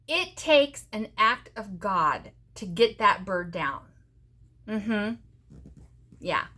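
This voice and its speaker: A woman's voice: mid-range voice, expressive, extremely slow, pushed and bright. A middle-aged woman chatting casually to viewers in a homey vlog from her kitchen and garden. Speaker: homesteading vlogger.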